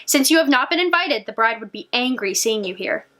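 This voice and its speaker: A woman's voice: a little high, expressive, fairly quick, fairly bright tone. A woman voicing a polite male castle servant who speaks formally. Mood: courteous.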